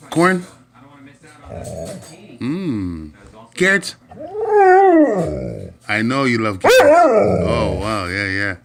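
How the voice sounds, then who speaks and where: A man's voice: mid-range voice, sing-song, a little slow, long pauses, fairly bright tone. A man chatting playfully with his dog, asking teasing questions. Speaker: dog owner. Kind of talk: playful one-sided chat with his dog.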